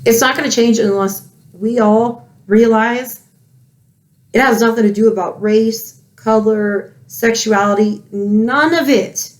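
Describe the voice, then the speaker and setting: A woman's voice: on the high side, measured pace. A woman with children, ranting angrily in a heated commentary, swearing often. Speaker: political commentary vlogger.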